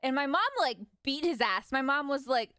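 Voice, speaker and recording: A young woman streamer casually telling stories about her parents, animated and laughing, acting out their lines. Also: high-pitched, moderate pace, no echo, studio quality. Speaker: vtuber streamer. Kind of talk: casual storytelling.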